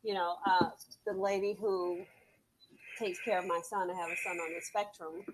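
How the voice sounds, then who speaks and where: A middle-aged woman in a casual discussion, telling a story in a measured, earnest way and often saying "you know". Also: on the low side, flat delivery, noisy background. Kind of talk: casual chat.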